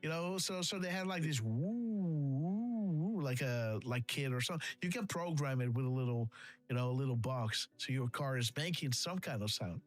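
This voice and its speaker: A man's voice: mid-range voice, a little fast, soft background music. Laughing man hosting a casual livestream. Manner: laughing, repeats himself, imitates sound effects. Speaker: livestream host.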